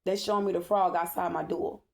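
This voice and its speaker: A woman with a gravelly, fry-tinged voice giving a spiritual tarot reading. She talks bluntly, stresses her points hard and checks in with "okay?" again and again. She swears without holding back. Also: fairly low pitch, fairly even intonation, a little fast, darkish tone. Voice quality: emphatic, repeats "okay?" often. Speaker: tarot reader.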